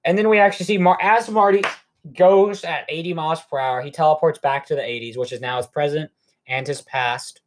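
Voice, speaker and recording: A man's voice: a little high, steady tone, a little fast. A young man hosting a podcast, casually recapping a movie in a rambling, profane way with lots of fillers. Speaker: podcast host.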